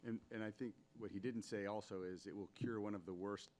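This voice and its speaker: Man, low voice, quick pace, town official, explanatory, faint rumble. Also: steady tone, darkish tone. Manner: explanatory, filler-heavy. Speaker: town official at select board meeting. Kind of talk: public meeting remarks. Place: town hall meeting room.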